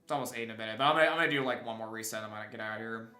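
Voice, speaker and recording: A young man racing through his words in a fairly low, sharp-toned voice chats casually while live-streaming a game. He rambles, restarts a lot and chuckles, with faint music in the background and a roomy echo.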